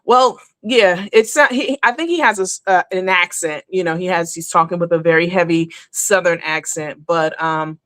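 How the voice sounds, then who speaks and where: Hosting a live online show, a woman chats at length and rambles casually to her viewers, calling them "honey" and "baby." Her voice is fairly low and fairly bright, at normal speed with hardly any pauses, in a dry recording.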